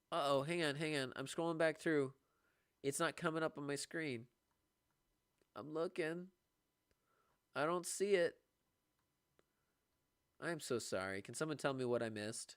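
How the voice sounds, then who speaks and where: A young man who teaches music, chatting casually on a livestream and answering viewers, excitable and quick to laugh. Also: on the high side, clear, resonant tone, dry recording, clean studio sound. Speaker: music teacher streaming live.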